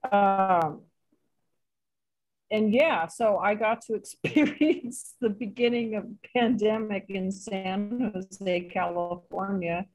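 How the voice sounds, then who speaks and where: A woman's voice: medium pitch, poor audio. A woman, an interview guest, telling a story casually with lots of laughter and some swearing. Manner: animated, laughing, swears freely.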